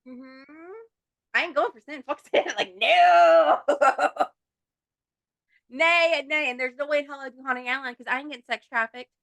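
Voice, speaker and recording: A woman's voice: sits high, steady tone, moderate pace, gravelly, fairly bright tone, dry recording, clean studio sound. A woman co-hosting a casual book-review podcast, talking bluntly with frequent swearing and giggles. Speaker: podcast co-host.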